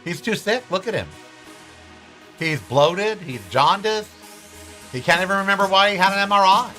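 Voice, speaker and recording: A man's voice: high voice, moderate pace, bright, forceful tone, faint music behind. A man hosting his own show, giving blunt, sarcastic political commentary and swearing freely. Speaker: podcast host.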